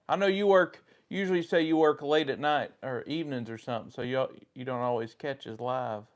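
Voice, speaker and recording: A man's voice: mid-range voice, moderate pace. A man with a Southern US accent co-hosting a paranormal livestream, greeting viewers by name and telling anecdotes in casual chat.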